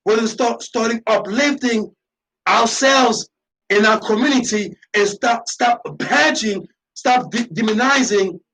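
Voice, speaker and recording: A man's voice: extremely high pitch, a little slow, bright, forceful tone, rough recording. A man hosting a radio talk show, delivering an impassioned, preachy monologue with lots of repetition and emphasis.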